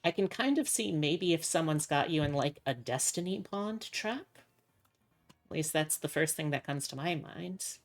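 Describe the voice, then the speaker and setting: A woman's voice: sits low, animated, normal speed, soft background music. A woman streamer chatting casually with her viewers in a rambling, indecisive, self-mocking way. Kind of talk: casual livestream chat.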